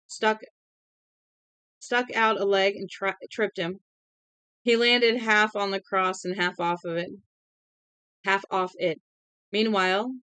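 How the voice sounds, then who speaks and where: A woman narrating an audiobook in a steady, even way, with small self-corrections. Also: medium pitch, clear, resonant tone, no room sound. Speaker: audiobook reader.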